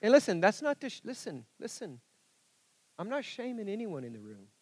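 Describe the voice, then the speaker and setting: A man preaching a church sermon, rising to loud calls and dropping to hushed asides. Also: high voice, huge pitch swings, brisk. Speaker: pastor. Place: church service.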